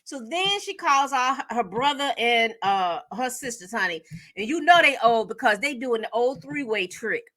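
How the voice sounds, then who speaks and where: A woman chatting casually through a TV episode recap, animated and full of fillers and self-corrections. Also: sits high. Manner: chatty, animated storytelling with acted-out quotes. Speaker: TV recap host.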